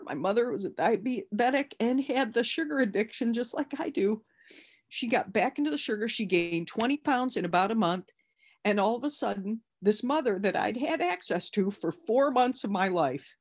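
A middle-aged woman telling a personal family story in an emotional, halting way, repeating herself and stammering at moments. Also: on the high side.

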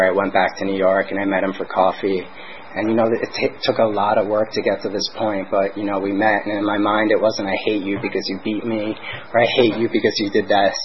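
A young man candidly sharing his recovery story at a twelve-step meeting, talking conversationally with lots of "like" and "you know". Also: fairly low pitch. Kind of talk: personal recovery share. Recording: dull lo-fi recording with faint noise.

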